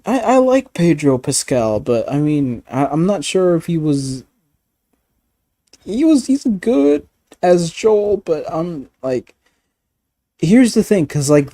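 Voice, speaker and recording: A man's voice: fairly high pitch, warm tone. A man talking casually, rambling with stammered restarts, frequent swearing and bursts of laughter. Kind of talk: casual chat.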